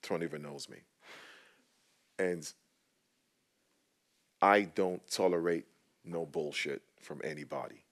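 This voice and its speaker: A man with a fairly low voice, speaking as a panel guest in a conversational but passionate way. He is animated and emphatic, and his voice climbs when he gets worked up. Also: slow, long pauses.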